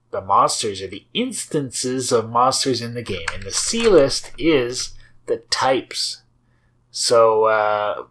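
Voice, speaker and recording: A man hosting his own game series, chatting casually as he plays and reads through code, rambling and often laughing softly. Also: mid-range voice. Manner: rambling, chatty, with frequent fillers and small laughs. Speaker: host of a game and source-code video series. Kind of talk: casual commentary while playing and reading code.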